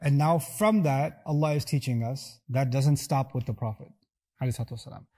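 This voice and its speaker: A man giving a lecture, animated and acting out little dialogues in quoted voices. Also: medium pitch, a little fast. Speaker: speaker giving a talk. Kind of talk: lecture on scripture.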